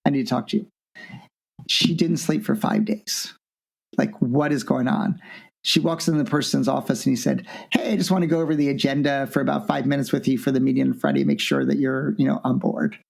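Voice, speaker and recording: A man, a business professor guest on an interview podcast, telling stories in a lively way and acting out quoted people with big jumps in his voice. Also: medium pitch, fairly quick, creaky. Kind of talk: animated interview storytelling.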